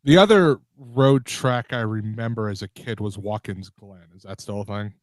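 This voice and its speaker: A man as podcast co-host in casual chat, laid-back, with short replies and slow, drawn-out remarks. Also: fairly low pitch.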